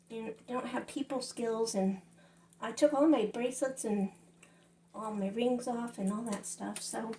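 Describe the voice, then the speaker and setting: A rambling middle-aged woman with a Southern US accent, chatting away as she cooks. Her voice sits a touch high and reaches the camera from across the room. The kitchen sounds echoey, with a faint hum underneath. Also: darkish tone, distant mic. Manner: chatty, rambling, talks to viewers as y'all. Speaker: cooking vlogger. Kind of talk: casual kitchen vlog chat. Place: home kitchen.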